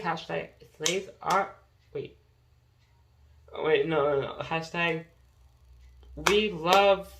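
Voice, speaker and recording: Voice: mid-range voice, bright, forceful tone, slight background noise, rough recording. A young podcast host talking casually through notes, rambling with many fillers and self-corrections.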